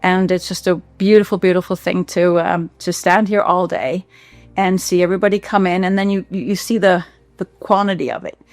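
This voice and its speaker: Woman, clinic founder, gravelly voice, heartfelt testimonial, halting delivery. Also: lowish voice, fairly even intonation, no echo, faint music behind. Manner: heartfelt, halting with fillers and repeats. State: emotional. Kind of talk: emotional testimonial.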